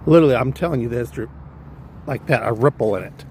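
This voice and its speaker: A man with a Californian accent tells a long story off the cuff, swearing freely and jumping between thoughts. His voice sits in an ordinary middle pitch. There is a faint hum of traffic behind him. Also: fast. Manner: rambling, profane, animated storyteller. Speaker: livestream vlogger. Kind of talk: casual storytelling chat.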